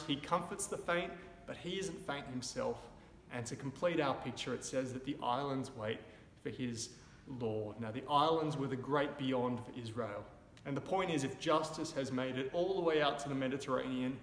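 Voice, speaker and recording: An Australian man gives a sermon in a relaxed, joking manner, his fairly high voice carrying emphatic asides. The recording rings with a long hall reverb and faint background hiss. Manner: conversational, wry humour, emphatic shouted examples. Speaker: preacher. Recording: echoey room, long reverb, faint noise.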